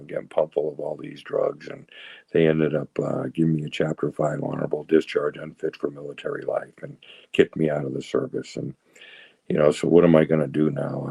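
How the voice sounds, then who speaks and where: A man's voice: very deep voice, creaky, warm tone, breathy edge, dry recording. A man, telling his recovery story in a rambling way and tagging lines with "right?" and "you know". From south of Boston, Massachusetts. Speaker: recovery speaker.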